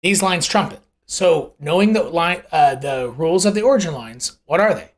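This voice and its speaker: Live-stream market host, loose and conversational, self-correcting, pitch jumping around a lot. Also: expressive, normal speed. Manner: uses homely analogies and rhetorical questions. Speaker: host of a live crypto price analysis show. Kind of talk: casual live chart commentary.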